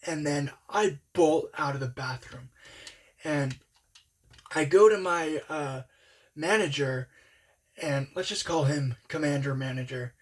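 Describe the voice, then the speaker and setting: A young adult tells a personal story in a rambling, casual way, full of "um" and "like." The medium-pitched voice is unhurried, with long pauses and a hands-off candor.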